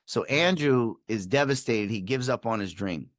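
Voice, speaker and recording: A man, a performance coach and podcast guest, telling a story and acting out the dialogue with shifting pitch and energy. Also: expressive, moderate pace, no room sound, clean studio sound. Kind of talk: animated storytelling in conversation.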